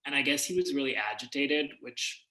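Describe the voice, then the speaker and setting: A man from India, an actor telling stories in a casual interview, animated and self-deprecating. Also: medium pitch, brisk, roomy sound, poor audio. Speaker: actor guest.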